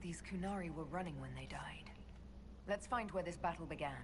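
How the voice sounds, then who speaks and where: An actress voicing a thoughtful woman leader in a video game, speaking in a measured way. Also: fairly low pitch, background noise, close to an everyday voice. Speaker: player character. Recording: echoey game audio with ambience.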